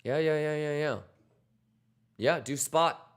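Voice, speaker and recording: A man's voice: fairly high pitch, slow pace, clear, resonant tone. A man hosting a trading livestream in casual chat. He talks bluntly and swears freely, coaching his viewers on discipline and reading their questions aloud. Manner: blunt, profane, motivational, reads chat aloud.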